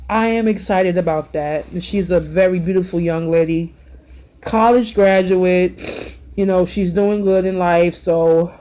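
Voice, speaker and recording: A woman in her thirties recounts a personal ordeal on her vlog. Her voice sits a bit low and moves slowly, halting often for sighs and quiet apologies. The delivery stays emotional and unpolished throughout. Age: 30s. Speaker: vlogger. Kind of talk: personal storytelling.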